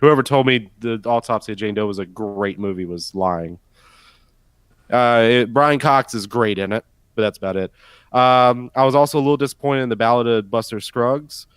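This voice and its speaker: A man's voice: mid-range voice, moderate pace, clear, resonant tone, no echo. A man co-hosting a podcast, chatting in a laid-back, rambling way and swearing casually. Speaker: podcast co-host.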